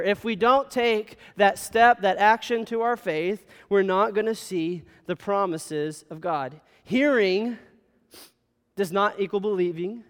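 A high, smooth-voiced male pastor preaches a sermon. He talks like he's telling a story, and keeps checking in with his listeners. His voice carries through a large hall with a long reverb. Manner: storytelling, conversational, frequent "okay?" checks.

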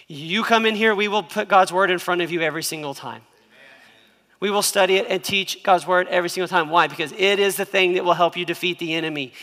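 A man's voice: sits high, sharp tone, in a large hall. A man in his thirties, a pastor preaching an emphatic sermon who has the congregation repeat lines after him.

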